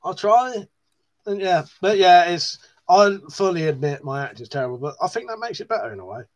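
Animated and brisk, this high-voiced man runs a live stream where he reads out viewers' comments. His chat is casual, peppered with swearing and self-directed laughter.

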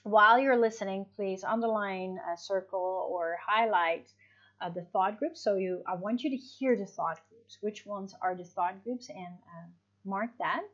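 A woman's voice: medium pitch, a little slow, a bit bright. A woman teaching an English lesson, explaining step by step and checking in with her students. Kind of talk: online class lesson. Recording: dull lo-fi audio.

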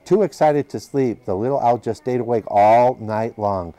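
A man's voice: mid-range voice, normal speed, warm tone. A man reading a picture book to children at a library, patiently asking the children questions as he goes. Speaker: library storytime reader.

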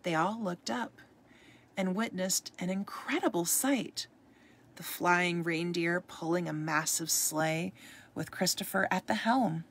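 Gravelly, low-voiced woman reading a story. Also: slow pace. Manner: expressive read-aloud, occasional stumbles. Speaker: storybook reader. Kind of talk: reading a ghost story aloud.

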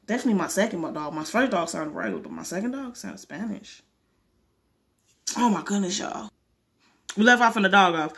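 A woman's voice: mid-range voice, lively intonation, brisk, creaky, long pauses, fairly bright tone. A woman casually reading a webcomic aloud, with chatty asides to her viewers. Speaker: comic reader.

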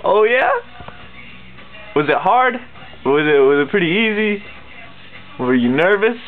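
A woman's voice: expressive, normal speed. Sing-song coaxing woman on tinny audio. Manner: high sing-song coaxing, repeating encouragement. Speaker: dog owner filming her pet. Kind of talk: casual home video, coaxing a pet. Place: home with a slippery floor. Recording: tinny lo-fi phone-like audio with loud music.

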